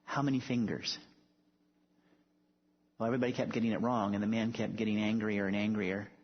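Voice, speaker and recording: A man preaches very fast in a lowish, level voice, telling stories with emphasis before building to bold declarations. The sermon was recorded in an echoey hall and sounds dull and lo-fi.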